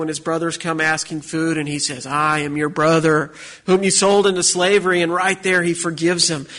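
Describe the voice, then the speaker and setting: A man's voice: on the high side, fairly bright tone. A man preaching a sermon as a pastor, building emphasis with repeated phrases.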